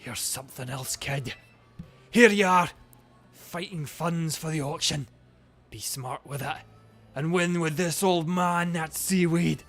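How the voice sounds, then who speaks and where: A man doing a gravelly old Scotsman. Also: fairly high pitch, takes it slowly, a bit bright, faint music behind, exaggerated voice. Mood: gruff. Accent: put-on Scottish. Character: jolly old male gym leader, boisterous.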